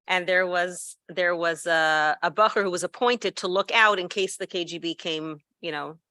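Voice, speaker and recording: A woman speaking at an educators' gathering, telling a story in a conversational teaching style with quick asides and self-corrections. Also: fairly low pitch, bright, forceful tone, no echo.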